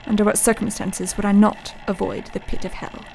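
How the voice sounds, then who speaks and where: A woman playing a brooding young doctor in a radio play, reading his journal aloud in a flat, measured voice. He sounds introspective and slightly cold, with faint noise behind him. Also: medium pitch, gravelly, close to an everyday voice, rough recording.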